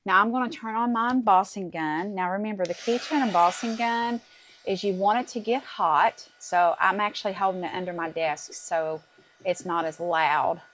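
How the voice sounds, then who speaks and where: A woman's voice: medium pitch, moderate pace, fairly bright tone, slight background noise. A middle-aged woman hosting a casual crafting tutorial at her desk, chatting to viewers as she works. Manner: chatty, talks to viewers while working, says "guys" and "okay?". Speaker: crafting channel host.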